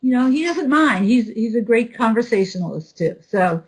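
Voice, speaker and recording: Woman host telling an animated story. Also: on the high side, normal speed, slightly rough, poor audio. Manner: animated storyteller, quotes others. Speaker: webinar host. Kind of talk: storytelling introduction.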